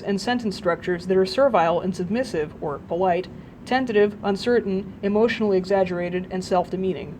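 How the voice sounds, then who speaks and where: A woman reading a nonfiction audiobook aloud in a measured, steady way. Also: medium pitch, slight background noise, rough recording. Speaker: audiobook reader.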